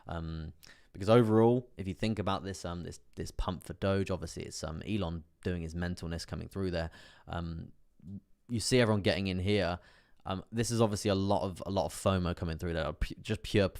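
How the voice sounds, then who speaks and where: A man's voice: low-pitched, brisk, a little mellow, clear, resonant tone. A young man chatting casually on a live stream, commenting on trades with lots of fillers and asides to viewers. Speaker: crypto trading streamer.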